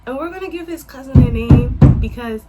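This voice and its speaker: A woman telling a casual storytime to her viewers, animated and swearing freely as she addresses them as y'all. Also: sits high, a little fast, over loud music, rough recording. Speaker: vlogger.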